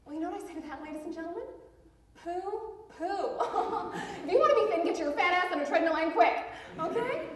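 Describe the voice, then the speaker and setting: An actress playing a brash, pushy self-help author on a theatre stage, talking with giggly, nervous laughs. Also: female voice, very high voice, lively intonation, fairly quick, fairly bright tone, a little hiss or hum. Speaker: self-help author giving a book talk. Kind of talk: live stage theatre monologue. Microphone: far room mic in the audience. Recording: echoey, distant theatre hall recording.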